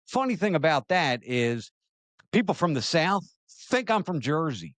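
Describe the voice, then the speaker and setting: A man's voice: mid-range voice, big pitch swings, normal speed, fairly bright tone, no room sound. A man from Maryland hosting his own show, talking casually to camera in a chatty, self-deprecating way and reading viewer comments aloud. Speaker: show host.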